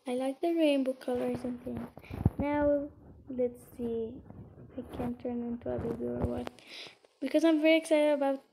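A woman giving giggly, excitable casual gameplay commentary, often muttering softly to herself as she searches. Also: high voice, normal speed, vocal fry, noisy background. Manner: excitable, gushing. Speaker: gaming channel host.

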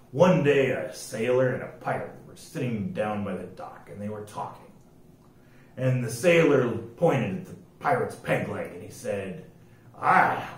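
Slow lively man reading stories aloud. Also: on the low side. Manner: slow, lively rhyming delivery. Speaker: library storyteller. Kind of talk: reading picture books aloud. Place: library room. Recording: echoey room, distant mic.

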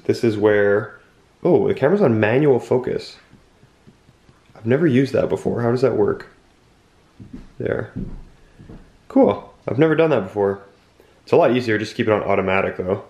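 A man's voice: lowish voice, a little mellow. A young man casually vlogging to a handheld camera outdoors in the snow and at home, chatty and at times out of breath. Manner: chatty, breathless after shoveling. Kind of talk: casual vlog chat.

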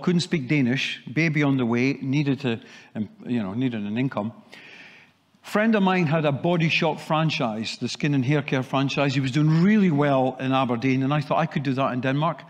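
A middle-aged man with a slight Scottish accent gives a chatty conference talk and tells his story with occasional restarts. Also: mid-range voice. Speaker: keynote speaker. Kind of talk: conference presentation. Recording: long hall reverb.

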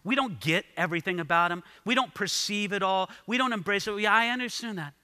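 A male pastor preaches in a church sanctuary, his voice set high and ringing very bright, with a long reverb trailing each phrase. He drives his points home with emphatic, repeated parallel lines. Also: fast. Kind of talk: sermon.

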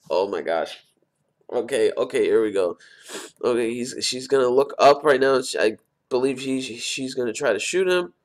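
A man's voice: mid-range voice, animated, unhurried. A man reacting live to a manga chapter, reading lines aloud and exclaiming often as he goes. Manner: reads character lines aloud in quotes. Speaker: manga reviewer.

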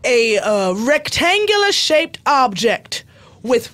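A woman playing a brash, self-assured entrepreneur who makes grandiose sales pitches in an improvised comedy podcast scene. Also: sing-song, takes it slowly, fairly bright tone, full character voice. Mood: pitching.

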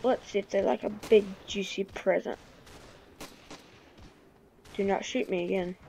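A woman giving casual gameplay commentary, grumbling and reacting excitably to the game. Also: mid-range voice, unhurried, creaky, a little hiss or hum. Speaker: gamer. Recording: dull lo-fi recording.

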